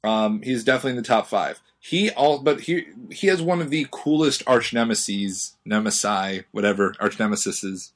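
A young man co-hosting a casual chat, rambling and jokey with excitable bursts. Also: fairly low pitch, moderate pace, hardly any pauses. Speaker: podcast co-host.

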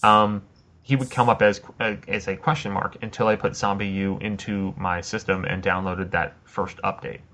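A man's voice: deep voice, fairly even intonation, moderate pace, bright, forceful tone, a little hiss or hum. A man casually chatting as a podcast co-host, talking in loose, rambling stretches with restarts. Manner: rambling, frequent restarts and fillers. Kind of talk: casual chat. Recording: dull lo-fi recording.

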